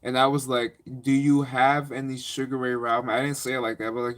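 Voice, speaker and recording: A man's voice: medium pitch, little pitch movement, brisk. A young man on a live stream, rambling casually with slang and laughter as he tells stories.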